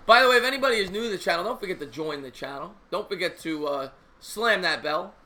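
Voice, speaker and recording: Bright-voiced energetic sports stream host. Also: male voice, high-pitched, quick pace, a little hiss or hum. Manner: energetic, joking, talks to chat. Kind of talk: live-stream sports talk.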